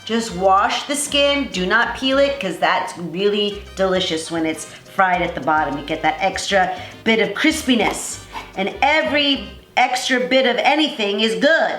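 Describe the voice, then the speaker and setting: A woman's voice: medium pitch, animated, a little slow, fairly bright tone, echoey room, faint music behind. A woman hosting a cooking demonstration in a kitchen, talking viewers through each step in an effusive, enthusiastic, chatty way. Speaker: cooking show host.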